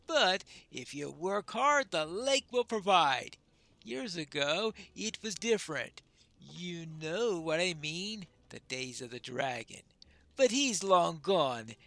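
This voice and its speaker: Player doing a hearty lake local, swells loud, slow. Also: medium pitch, vocal fry, heavily acted.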